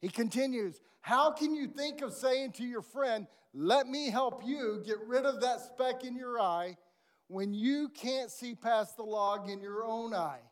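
A man with a high voice delivering a sermon. He tells stories in an animated way, swinging from loud bursts to near-quiet asides. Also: unhurried. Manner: animated storytelling, acting out characters with big swings of volume. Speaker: pastor.

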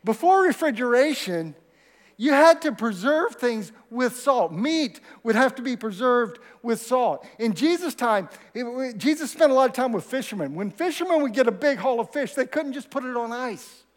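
A man's voice: very high voice, lively intonation, normal speed, big-room sound. A man preaching a sermon as pastor of his church, talking conversationally and asking the congregation questions. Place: church sanctuary.

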